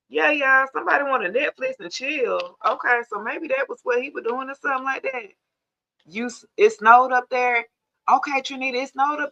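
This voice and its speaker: A woman's voice: high voice, gravelly, sharp tone, dull audio. Chatty woman on a livestream. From Georgia, USA. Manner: chatty, laughs often, greets viewers by name. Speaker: tarot reader hosting a livestream. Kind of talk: casual livestream chat with viewers.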